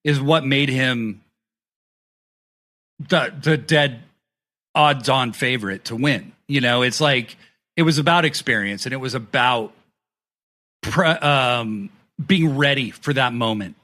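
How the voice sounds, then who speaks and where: A man co-hosting a wrestling review podcast, talking excitedly and swearing freely as he recaps matches and acts out the wrestlers' lines. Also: medium pitch, slow, pauses often. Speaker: podcast co-host. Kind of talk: casual wrestling review chat.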